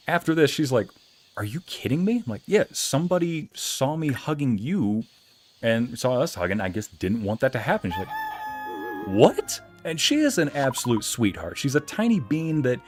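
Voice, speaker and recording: A man streaming a game, telling a story in casual chat and acting out the quoted lines in a raised voice. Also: mid-range voice. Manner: animated, acts out quotes in a raised voice. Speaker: streamer and narrator. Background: faint background music.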